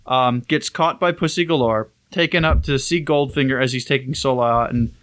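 A man's voice: medium pitch, normal speed, a bit bright. A man on a casual podcast, retelling a film's plot in a loose, rambling way with plenty of filler words. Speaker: podcast co-host.

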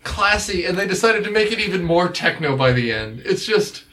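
Guy riffing on an old spy movie, kinda high voice, snarky and rambly, swears a lot. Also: big pitch swings, moderate pace, pushed and bright. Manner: sarcastic, rambling, swears freely. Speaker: podcast co-host. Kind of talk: casual movie review chat.

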